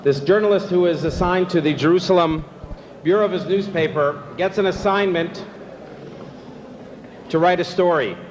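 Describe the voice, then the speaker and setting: Joke-telling banquet emcee, slightly high. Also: male voice, moderate pace, pauses often, in a large hall, lo-fi sound, a little hiss or hum. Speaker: master of ceremonies. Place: banquet hall.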